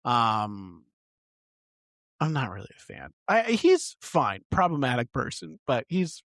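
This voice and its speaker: A man co-hosting a podcast, recapping a TV episode in casual, animated chat with plenty of fillers. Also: mid-range voice, slow pace, no room sound. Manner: chatty, animated, lots of fillers. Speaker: podcast co-host.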